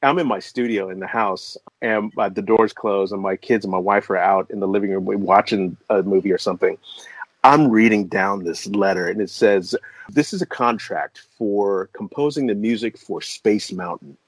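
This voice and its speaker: A middle-aged man from the American Midwest, a composer and voice artist telling a story as an interview guest, excitable and laughing often. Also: normal speed, dry recording. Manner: excitable, laughs often, jumps to high pitch when excited. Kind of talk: animated storytelling in conversation.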